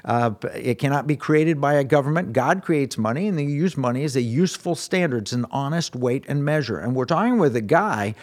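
A man's voice: medium pitch, expressive, fairly quick, hardly any pauses. A man hosting a radio talk show, chatting casually and reading quoted passages aloud with asides.

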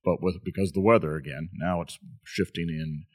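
A man's voice: low voice, fairly even intonation, a little fast. A man co-hosting a talk show, joining in agreeably and thoughtfully. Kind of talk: casual talk.

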